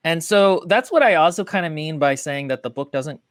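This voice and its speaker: A man's voice: a little high, brisk, clean tone, dry recording, clean studio sound. A man co-hosting a casual book podcast, analytical and talking in long winding sentences. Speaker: podcast co-host.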